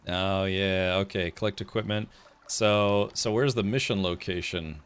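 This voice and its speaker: A man's voice: deep voice, measured pace, clean tone, faint music behind. A man hosting a let's play stream, chatty and easily distracted while he plays. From United States. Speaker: streamer host.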